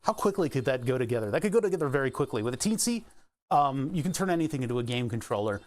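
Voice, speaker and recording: A man's voice: mid-range voice, big pitch swings, fast. A man streaming live, chatting casually and thinking aloud as he pedals an exercise bike, laughing often. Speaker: Twitch streamer.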